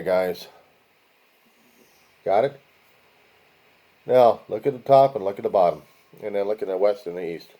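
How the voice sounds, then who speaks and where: A man leads his viewers across a map in an unhurried, loose way, calling them guys and tossing in profane asides. His voice is dark and mellow, and he rolls through long lists of places in a sing-song chant. The pace stays slow and drawn out. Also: on the low side. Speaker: video host. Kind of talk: casual commentary walking viewers through a map.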